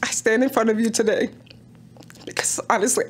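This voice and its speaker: A woman's voice: fairly high pitch, steady tone, normal speed, slight background noise. A woman speaking at a town council public comment, emotional, pleading and insistent.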